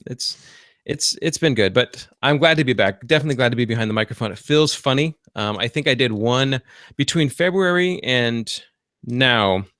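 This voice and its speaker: A man's voice: medium pitch, expressive, moderate pace, a bit bright, dry recording, clean studio sound. Man rambling in a casual podcast chat. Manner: rambling, many restarts and fillers. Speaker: podcast host; computer repair business owner.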